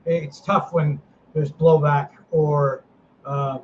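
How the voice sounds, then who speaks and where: A middle-aged man hosting a casual podcast chat, running a paranormal team, ranting with animated energy and swearing freely. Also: fairly high pitch, moderate pace. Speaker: paranormal team director, host. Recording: slightly dull sound, faint noise.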